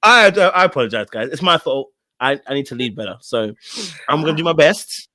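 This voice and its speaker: A man's voice: medium pitch, lively intonation, brisk, pushed and bright, dry recording. A man hosting a casual online panel discussion, laughing often and apologizing to the panel. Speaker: podcast host.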